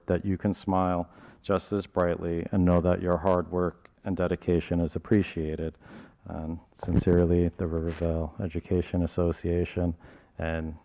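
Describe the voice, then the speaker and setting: Man, very low voice, formal measured tribute reading, school board meeting. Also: mellow. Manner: formal, measured, with a light joke at the end. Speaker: speaker for the local teachers' association. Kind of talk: reading a prepared tribute speech.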